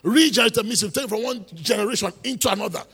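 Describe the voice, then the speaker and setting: A man's voice: sits high, fast talker, vocal fry, a bit bright, breathy edge, big-room sound. A man preaching a sermon, emphatic, repeating phrases and building into exhortation.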